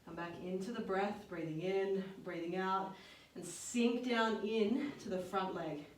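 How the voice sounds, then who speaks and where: A woman leading a yoga and strength workout, calmly cueing each move and breath. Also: mid-range voice, unhurried, distant mic. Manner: calm step-by-step cueing with breath counts. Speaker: fitness and yoga instructor. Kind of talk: guided workout instruction. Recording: roomy sound, voice off-mic.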